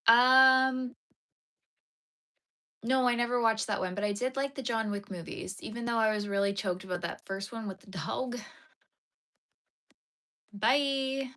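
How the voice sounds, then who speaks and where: Bright-voiced woman chatting on a stream. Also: on the high side, measured pace, long pauses. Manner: chatty, reacts to chat, turns tearful over sad dog movies. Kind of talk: casual live-stream chat while crocheting.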